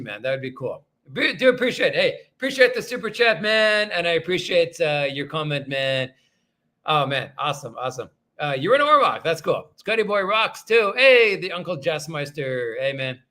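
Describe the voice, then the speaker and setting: A man with a high, bright voice hosts a relaxed livestream at normal speed, reading viewer comments and thanking viewers often. He rambles, restarts frequently, and makes fun of himself along the way.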